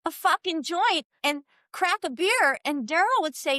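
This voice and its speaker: A woman in her sixties from the US East Coast, telling animated stories as a guest in a casual chat and laughing often. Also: very high-pitched, measured pace, no room sound, clean studio sound.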